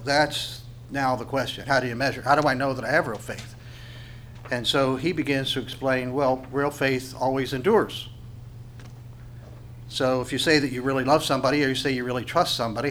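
A man's voice: medium pitch, a bit bright, a little hiss or hum. A man giving a conversational sermon, asking the listeners questions along the way. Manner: conversational, with rhetorical questions and tag questions. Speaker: preacher.

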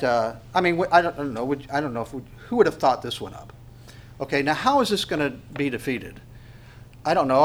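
A male pastor giving a conversational Bible teaching, full of fillers and restarts, with wry asides and sharper emphatic bursts on key points. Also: a little high.

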